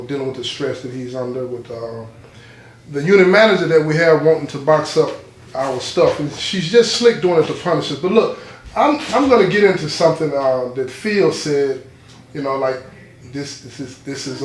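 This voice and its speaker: A man's voice: mid-range voice, normal speed, a little hiss or hum. Man hosting a support group. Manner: relaxed, conversational, hesitant restarts. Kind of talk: group discussion. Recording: echoey room.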